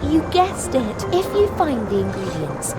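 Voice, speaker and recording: A chirpy high-voiced baker. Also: female voice, big pitch swings, a little slow, loud music behind the voice. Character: cheerful, busy female baker. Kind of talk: video game voice acting.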